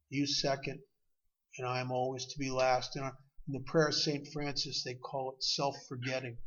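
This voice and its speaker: A man, speaking at a recovery meeting and telling a personal story with emotion, his voice swinging from loud to hushed. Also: medium pitch, highs cut off. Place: meeting room.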